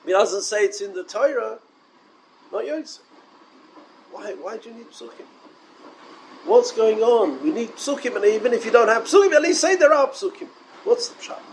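A man giving a Torah lecture, animated and full of rhetorical questions, mixing in Hebrew and Yiddish terms. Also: very high-pitched, moderate pace, long pauses, background noise. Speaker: rabbi.

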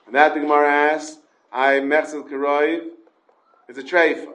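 A man's voice: mid-range voice, steady tone, moderate pace, fairly bright tone, rough recording. A man with a Yeshiva English accent teaching an informal Talmud class, mixing Hebrew and Yiddish terms into his English and questioning his students.

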